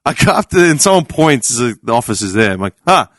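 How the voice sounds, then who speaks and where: An Australian man talks fast as he shares a story with a podcast panel, keeping it casual and animated: he acts out the people in it, swears without fuss and laughs often. His pitch is medium, and the studio-quality recording is dry.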